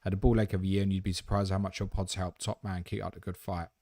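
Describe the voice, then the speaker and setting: A man's voice: low voice, level tone, fast, mellow, no echo, studio quality. A man hosting a live question-and-answer stream, talking in blunt, matey banter with some swearing. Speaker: host.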